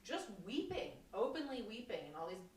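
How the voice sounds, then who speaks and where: A woman guest on a podcast, telling a story in an animated, rambling way with many restarts, recorded in a home kitchen. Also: on the high side, fairly quick, slight background noise. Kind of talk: casual chat, storytelling. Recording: roomy kitchen, distant mic.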